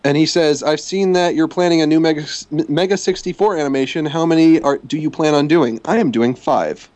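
A man's voice: fairly high pitch, brisk, a little mellow, dry recording. A man hosting a casual livestream podcast, reading out listener emails with wry sarcasm. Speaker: podcast host.

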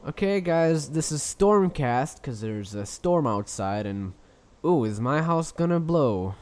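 A man co-hosting a comedic podcast over a video call, clowning around and switching between a squeaky high voice and a deep mumble. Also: animated, measured pace, darkish tone. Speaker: podcast co-host. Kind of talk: comedic casual chat. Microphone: video call mic.

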